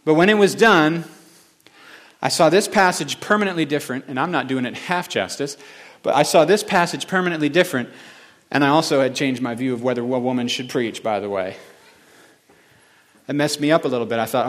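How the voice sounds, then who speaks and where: A male pastor giving a conversational sermon that swings between quiet, reflective passages and emphatic building moments. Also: medium pitch, fairly quick.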